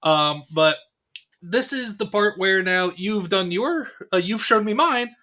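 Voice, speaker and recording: A man's voice: high voice, expressive, slow pace, sharp tone. A man hosting a casual live chat, upbeat and talkative with frequent laughs. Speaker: host.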